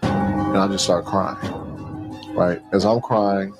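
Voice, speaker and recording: A man's voice: deep voice, slow pace, over music, low-quality recording. A man telling a story from his own past, acting out what others said to him. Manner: animated retelling, acting out quoted dialogue. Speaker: interviewee recounting events. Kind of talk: storytelling interview clip.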